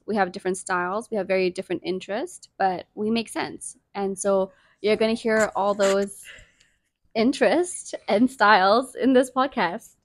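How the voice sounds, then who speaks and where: A young woman co-hosting a podcast in casual chat, chatty and giggly, talking in quick bursts. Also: mid-range voice, no room sound, clean studio sound. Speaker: podcast co-host.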